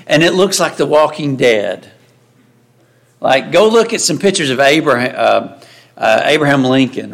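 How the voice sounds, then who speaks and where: A man's voice: fairly high pitch, a bit bright. A man preaching a sermon in a conversational way, often asking his listeners rhetorical questions.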